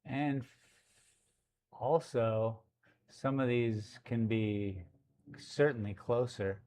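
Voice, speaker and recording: A man talks casually on a live stream as he paints in a gallery studio. His delivery is slow and unhurried, loose and playful, and he breaks off now and then to tease his puppy. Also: medium pitch, fairly even intonation, a little mellow.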